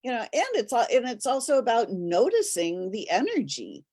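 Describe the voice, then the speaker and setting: A woman talking casually and earnestly, telling stories in a steady way. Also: fairly high pitch, normal speed. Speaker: host. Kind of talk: casual conversation.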